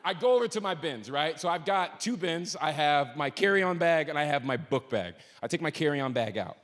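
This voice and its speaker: A man doing stand-up, telling a story and swinging from low mutters to high shouted outbursts on a stage mic. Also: expressive, moderate pace. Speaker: stand-up comedian. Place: comedy stage in a large hall. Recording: live hall with reverb and faint noise.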